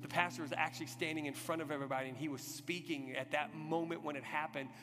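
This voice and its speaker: A man preaching a sermon, telling a story dramatically, swinging from urgent loud passages to hushed, quiet ones. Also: a little high, fairly even intonation, fast. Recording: long hall reverb with music behind.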